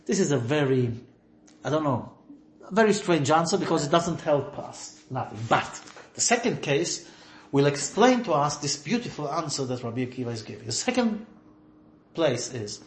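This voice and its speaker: A man's voice: on the high side, very animated, normal speed, reverberant, slight background noise. A man leading an informal religious class, telling stories and acting out the dialogue with bursts of laughter. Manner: storytelling, acts out dialogue with laughing outbursts. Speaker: rabbi teaching a class.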